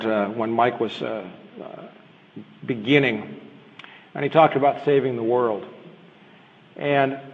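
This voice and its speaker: A middle-aged man lecturing to a live crowd in a blunt, conversational way, often turning to the listeners with rhetorical questions. His voice sits at an ordinary pitch. The sound is thin and narrow like a phone line, with a long echo from a large hall. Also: a little hiss or hum. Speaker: lecturer addressing a live audience.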